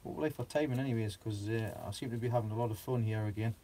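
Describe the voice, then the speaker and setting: A man's voice: lowish voice, racing, warm tone, a little hiss or hum. A man chatting on a gardening live stream, rambling with lots of fillers and frequent giggles. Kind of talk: casual live stream chat.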